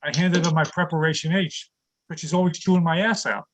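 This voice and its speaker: Brief: male stand-up comic, slightly high voice, brisk punchline delivery. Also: fairly even intonation, slight background noise, low-quality recording. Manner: punchline-driven, brisk wordplay. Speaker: stand-up comedian. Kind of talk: stand-up comedy set.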